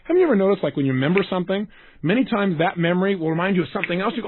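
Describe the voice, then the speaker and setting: A man's voice: sits high, animated, rapid-fire, slight background noise. A man giving a motivational self-help talk who keeps asking the listener rhetorical questions. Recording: dry, tinny phone-like sound.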